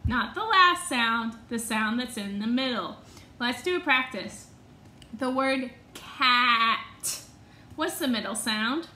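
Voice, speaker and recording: A woman's voice: high-pitched, bright, forceful tone. A woman teacher leading a phonics lesson for young children, stretching out each sound with sing-song prompts. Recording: echoey room.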